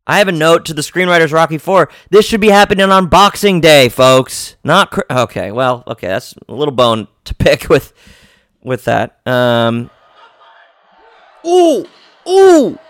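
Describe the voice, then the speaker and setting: A podcast host giving live, jokey reaction commentary while watching a film, often exclaiming and gasping. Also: male voice, a little high, normal speed, a bit bright, no echo, clean studio sound. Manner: jokey asides.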